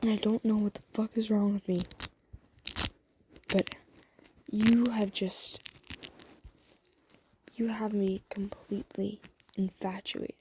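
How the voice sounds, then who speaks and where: A woman voicing a flustered young man who confesses his feelings in whispered role-play, halting and stammering through half-whispered lines. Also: medium pitch, level tone, dark tone, a little hiss or hum, close to an everyday voice.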